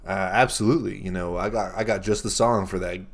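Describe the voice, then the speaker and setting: A man's voice: low-pitched, steady tone, fast talker, gravelly. A man playing a rambling country-singer son. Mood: earnest. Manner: rambling, full of fillers and trailing off. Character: bumbling young male country-singer son, earnest and defensive. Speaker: guest musician. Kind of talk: comedic talk-show interview character.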